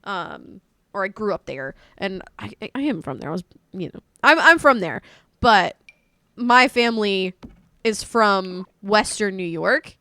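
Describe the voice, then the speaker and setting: Chatty southern streamer woman, lively pitch. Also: unhurried, no room sound. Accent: North Carolina Southern. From North Carolina, US. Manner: chatty, rambling, animated, self-correcting. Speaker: live streamer. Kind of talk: casual live-stream chat answering viewers.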